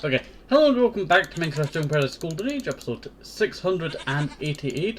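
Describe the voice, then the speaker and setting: A man's voice: fairly high pitch, very animated, brisk, slight background noise. A young man hosting a gaming channel, rambling and thinking aloud in casual let's-play commentary.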